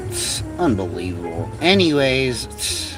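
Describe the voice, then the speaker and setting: A man's voice: mid-range voice, big pitch swings, a little slow. Profane mocking man ranting off-mic. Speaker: livestream host. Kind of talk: satirical rant. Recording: distant from mic, faint music.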